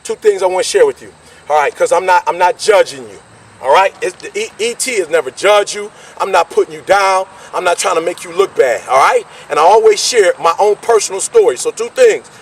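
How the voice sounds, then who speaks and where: High-pitched fired-up motivational speaker man. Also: fairly quick, slightly rough, recorded from a distance. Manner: energetic, preachy, repetitive call-and-response. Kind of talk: motivational speech.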